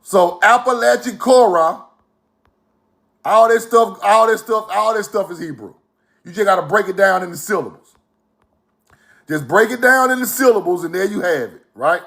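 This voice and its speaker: A man with a high, creaky, fairly bright voice speaks at normal speed with long pauses, giving casual history commentary to viewers. He is emphatic and repetitive, regularly asking "right?"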